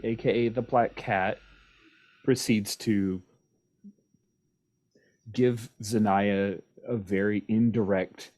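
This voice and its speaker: A man's voice: sits low, a little mellow. A man narrating as game master in a casual, rambling way.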